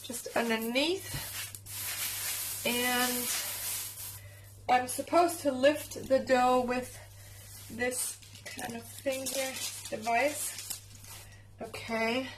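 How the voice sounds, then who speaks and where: A chatty woman from Germany films herself cooking at home in her kitchen. Her voice sits a little high, and she talks straight to the viewer with bursts of excitement. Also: extremely slow, pauses often, background noise. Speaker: home cook vlogger. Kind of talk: casual cooking vlog.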